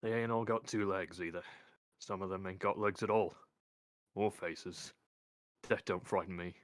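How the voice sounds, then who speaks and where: A man putting on a gruff old wizard servant, louder and a touch higher than the reader's own low voice, grumbling and defensive in a dry close recording. The old man sniffs and bristles as he talks. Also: steady tone, normal speed, no echo, close to an everyday voice.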